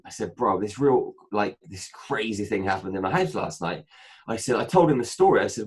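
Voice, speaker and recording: A man's voice: on the low side, quick pace. A man, a guest in a casual interview, telling a long story and acting out the dialogue. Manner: animated anecdote-telling, acting out dialogue with many "I said" asides.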